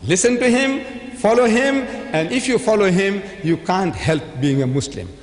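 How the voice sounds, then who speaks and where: A man giving a public debate speech in a lively, preacher-like way. He sometimes acts out the voices of the people he quotes. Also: high voice, moderate pace. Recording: echoey hall with long reverb.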